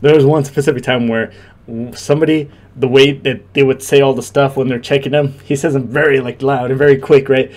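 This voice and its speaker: A man's voice: medium pitch, steady tone, brisk, darkish tone. A young man and former Marine giving casual reaction commentary, laughing often and rambling with many restarts.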